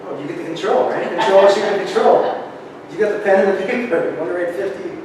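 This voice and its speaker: A presenter runs an energetic workshop for a live group, repeatedly checking in with "right?" in a high-pitched, fast voice. He's filmed by a distant camera in a large, echoey room, with slight background noise.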